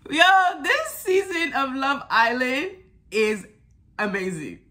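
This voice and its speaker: A woman's voice: high voice, big pitch swings, slow pace, pushed and bright, slight background noise. A woman giving a casual, chatty recap of a reality dating show, addressing her viewers directly and laughing often. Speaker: YouTube reality TV reviewer.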